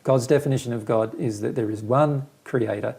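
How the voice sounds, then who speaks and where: A man's voice: mid-range voice, moderate pace, vocal fry, a little mellow, husky. A man who is a spiritual teacher, talking earnestly and patiently in a casual conversation and explaining his ideas with simple everyday examples.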